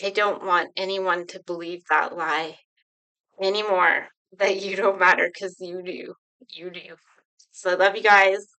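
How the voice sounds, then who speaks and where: A woman leading a slow, soothing guided healing exercise, speaking directly to viewers from home. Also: fairly low pitch, steady tone, bright, forceful tone, low-quality recording. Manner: slow, soothing, repetitive guidance. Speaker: healing coach.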